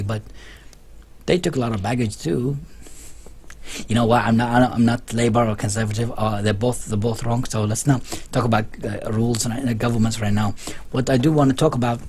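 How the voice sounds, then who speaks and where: A man's voice: mid-range voice, a little mellow, breathy edge. A man talking to camera in a casual opinion vlog, rambling and emphatic, with many restarts. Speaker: vlogger.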